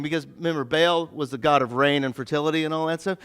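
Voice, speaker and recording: A male pastor giving a casual, interactive sermon in a church, chatty and stumbling over his words, acting out the characters' lines in quick asides. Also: a little high, expressive, a bit bright, clean tone. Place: church sanctuary.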